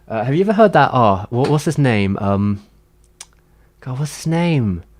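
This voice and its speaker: A man's voice: medium pitch, lively intonation, unhurried. A man chatting casually on a livestream, answering his chat in a rambling, hesitant way with many fillers and restarts.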